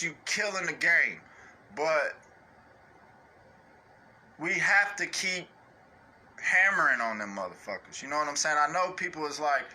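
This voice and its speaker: Blunt profane man ranting, bright voice. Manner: blunt, profane, repeats "you know what I'm saying"; mocks others in high put-on voices. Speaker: online ranter. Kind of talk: unscripted rant.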